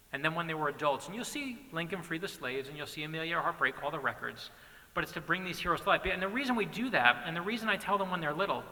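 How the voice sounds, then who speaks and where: A man's voice: on the high side, pushed and bright. A man in his forties, an author giving an earnest, passionate keynote that he tells as a string of stories. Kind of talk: inspirational speech with storytelling. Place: large banquet hall. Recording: reverberant hall.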